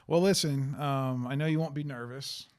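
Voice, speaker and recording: A man hosting a podcast, chatting casually with his guest in a playful, teasing and relaxed way. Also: medium pitch, moderate pace, clean tone. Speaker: podcast host. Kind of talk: casual interview chat.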